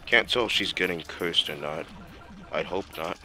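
Low-voiced young man muttering over gameplay. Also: moderate pace, sharp tone. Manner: talks to himself while playing, slangy, with many fillers. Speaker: gameplay commentator. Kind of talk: casual gameplay commentary.

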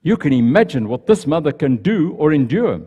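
A man voicing God as a patient, proud creator in a read-aloud story, in a gentle storytelling voice. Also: on the high side, sing-song, moderate pace, breathy edge, highs cut off. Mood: fond. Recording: reverberant church hall.

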